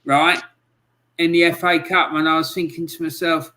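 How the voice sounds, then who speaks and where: A man chatting casually and telling an old story in a relaxed, conversational way. His voice is high and notably bright. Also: normal speed, poor audio. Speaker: co-host of a fan podcast. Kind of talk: casual chat.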